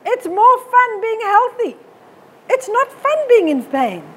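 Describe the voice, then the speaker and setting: A woman's voice: very high voice, big pitch swings, takes it slowly. A middle-aged woman, giving a blunt, forthright live health talk to an audience on a handheld mic. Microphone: handheld microphone.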